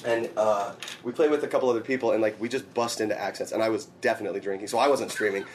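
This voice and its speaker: Man in his 30s, rapid casual chatter, lowish voice, laughs easily. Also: slight background noise. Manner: laughs often, animated, swears casually. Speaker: musician guest. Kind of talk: casual chat. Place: dressing room.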